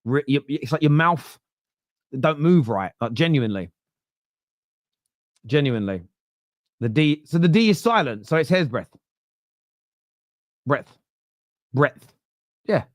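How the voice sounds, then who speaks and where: A man from London's East End with a Cockney accent, hosting a live football watchalong in a chatty, self-mocking way and breaking into shouted excitement at near misses. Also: on the high side, moderate pace, pauses often, dry recording, clean studio sound. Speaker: watchalong host.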